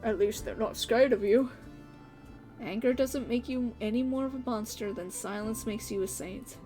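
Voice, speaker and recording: A woman voicing a gentle, wise innkeeper who gives encouraging advice. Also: fairly high pitch, moderate pace, soft background music, natural voice. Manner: warm, encouraging counsel. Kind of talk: fan voice acting of a game.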